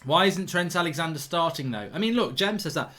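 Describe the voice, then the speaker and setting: A man's voice: a little high, lively intonation, fairly quick, fairly bright tone. A man hosting a live football watchalong, chatting casually, giving opinions and reading out viewer comments. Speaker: host.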